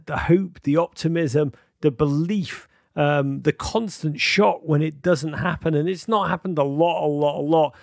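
A middle-aged man hosting a live call-in show, rambling and repeating words as he speaks warmly and emotionally to callers. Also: fairly high pitch, vocal fry, no room sound, clean studio sound. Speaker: podcast host taking callers.

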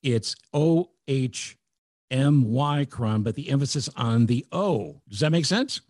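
A man's voice: medium pitch, expressive, slow, darkish tone, dry recording, clean studio sound. A man co-hosting a casual chat podcast, joking and teasing in banter. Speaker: podcast co-host.

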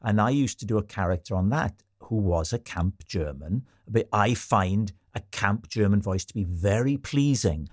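A man from Wales hosting a podcast, telling stories in an animated, chatty way. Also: on the low side, normal speed, few pauses, breathy edge, dry recording, studio quality. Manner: chatty, animated storyteller, trails off and restarts. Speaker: podcast host. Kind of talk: casual chat.

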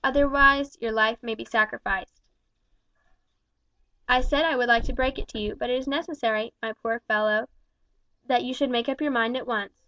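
A kind, caring young gentleman, read by a woman in a storybook, speaking softly with concern. The voice sits somewhat high. The recording sounds dull and dry. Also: fairly even intonation, normal speed, long pauses, no echo. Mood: gentle, sad.

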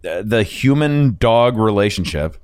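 A man's voice: on the low side, lively intonation, measured pace, a little mellow, clean tone, no echo, studio quality. A man hosting a podcast, chatting casually, rambling and swearing and laughing at his own stories. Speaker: podcast host. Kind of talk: casual chat.

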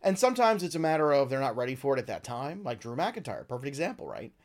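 A man hosting his own talk show, giving opinionated, rambling commentary with lively swings in pitch and loudness. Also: fast talker. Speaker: podcast host. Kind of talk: casual wrestling commentary.

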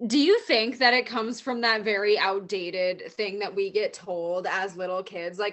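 A woman's voice: mid-range voice, measured pace, hardly any pauses, a bit bright. A woman co-hosting a podcast in casual chat, chatty and often filling with "like". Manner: chatty, fills with "like". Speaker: podcast co-host.

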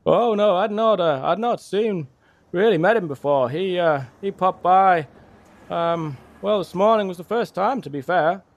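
A man's voice: high voice, measured pace, dry recording, lo-fi sound. A man playing a chatty rural local who rambles and stammers as he gives directions. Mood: gossipy. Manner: rambling, stammering, full of restarts.

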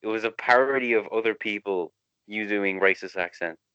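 A man co-hosting a casual wrestling podcast, talking fast and swearing freely. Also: on the low side, pushed and bright, clear, resonant tone, highs cut off. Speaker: podcast co-host.

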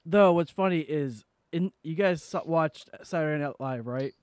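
A man joking around as co-host of a casual podcast chat, quick to giggle. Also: on the high side, a little mellow, smooth, no echo, clean studio sound.

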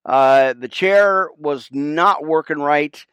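A breathless man, a pastor hosting a podcast, rambles through his setup in a slightly high voice. He keeps stopping to call his listeners friends and fills the gaps with halting sounds. The sound is close and dry, with almost no room echo. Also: a bit bright, clean tone. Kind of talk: casual chat while setting up a livestream.

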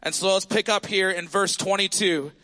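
A man in his thirties preaching a sermon as pastor of a church, telling a story with animated call-outs to the congregation. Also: sits high, normal speed. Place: church sanctuary.

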